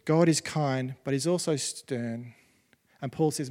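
A man's voice: a little high, moderate pace, darkish tone, in a large hall. A man preaching a sermon in a casual, conversational way, often restarting his sentences.

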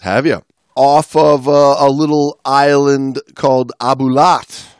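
A man's voice: mid-range voice, steady tone, a little slow, clean tone, no room sound. Dry-sounding podcast man, joking banter. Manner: joking, reads quotes with a mock French flair. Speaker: podcast co-host. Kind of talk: casual chat, reading book passages aloud.

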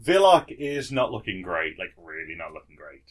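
A man's voice: sits low, very animated, normal speed. A man acting as game master, narrating a tabletop game and muttering through dice rolls and rules aloud.

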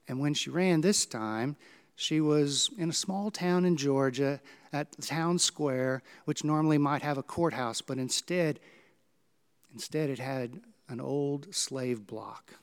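A male pastor, preaching a sermon and telling stories with dramatic swings in pitch and volume. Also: slow pace, clean tone.

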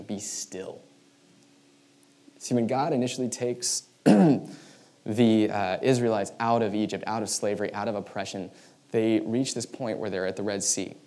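A man preaching a sermon in a casual, animated storytelling way, often acting out the voices he quotes. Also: lowish voice. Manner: casual, many fillers like "like" and "right". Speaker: pastor.

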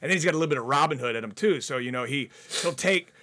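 A man's voice: mid-range voice, racing. A man telling stories in casual talk on radio, swearing often and acting out the people in them. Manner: profane, animated storyteller. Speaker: guest. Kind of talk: casual storytelling. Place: radio studio.

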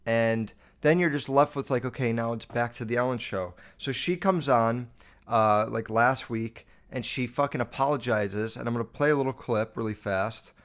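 A podcast host sounds off about what annoys him. His manner is loose and animated, and he swears in nearly every sentence. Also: mid-range voice, moderate pace. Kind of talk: casual ranting monologue.

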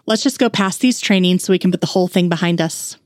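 A woman's voice: on the low side, fast talker, no room sound, clean studio sound. A woman narrating a fan fiction story aloud, reading the dialogue with light shifts of tone. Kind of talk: audiobook narration.

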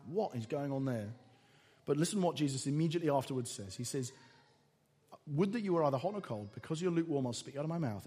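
Emphatic preacher, husky voice. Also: male voice, on the high side. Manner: energetic, emphatic, often asks "right?". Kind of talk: sermon.

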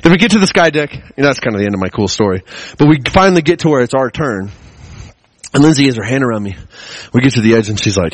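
A man giving a sermon as guest preacher, opening with a casual personal story. He rambles, restarts and chuckles often, and swings between excited and hushed. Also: medium pitch, brisk, dry recording, poor audio.

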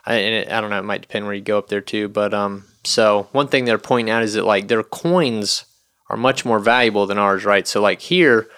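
A man's voice: lowish voice, a little fast, a bit bright, clean tone, no echo, studio quality. A man hosting a casual podcast, rambling and joking with plenty of swearing. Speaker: podcast host.

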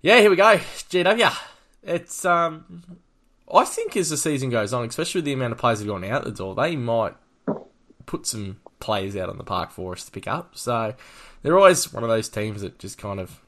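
A man with an Australian accent, hosting a casual sports podcast in a relaxed, laughing way. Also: medium pitch, normal speed. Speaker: podcast host.

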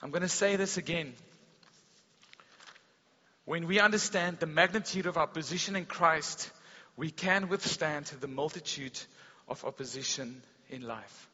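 Bright-voiced male preacher in a hall. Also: on the high side, measured pace, long pauses, slight background noise. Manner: animated storytelling preacher, swings between loud and hushed. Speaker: pastor. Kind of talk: sermon. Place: school hall service. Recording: dull long-reverb hall sound.

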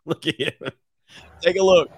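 A man's voice: fairly high pitch, steady tone, slow pace, husky. A middle-aged man, a dating coach, doing slangy, joking live reaction commentary with laughing asides.

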